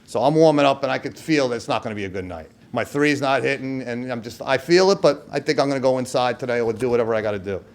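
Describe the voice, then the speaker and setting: A man's voice: medium pitch, fast talker, hardly any pauses. New York man giving an acceptance speech. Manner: storytelling, acts out quoted voices, trailing asides. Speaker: hall of fame inductee.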